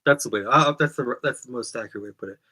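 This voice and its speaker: A man's voice: medium pitch, very fast, sharp tone. A man hosting his own comedy show, talking in a rambling, self-correcting monologue that keeps getting sidetracked. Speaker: host.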